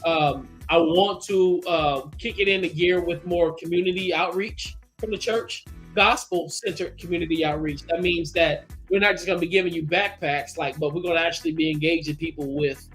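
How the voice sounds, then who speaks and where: Pastor, man, higher pitch, restarting sentences, casual radio chat. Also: fairly even intonation, a bit bright, soft background music. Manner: rambling, halting, with many restarts. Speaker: pastor and co-host.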